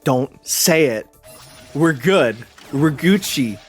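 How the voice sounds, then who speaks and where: A man's voice: on the high side, animated, takes it slowly, breathy edge, soft background music. A young man chatting enthusiastically while commentating a video game, with lots of fillers. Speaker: host. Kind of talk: casual gameplay commentary.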